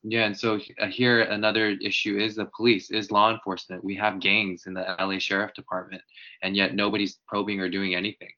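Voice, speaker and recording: Bright earnest man explaining policy. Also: on the low side, flat delivery. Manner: measured, explanatory, uses organizer terms. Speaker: political guest, former congressional candidate. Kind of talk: earnest policy talk on a podcast. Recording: dull lo-fi sound.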